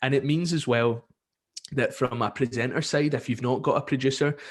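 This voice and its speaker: A man with a Scottish accent, a radio presenter chatting as a podcast guest, telling lively stories and acting out callers. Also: medium pitch, moderate pace. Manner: lively storyteller, acts out callers, many fillers. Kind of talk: casual podcast interview.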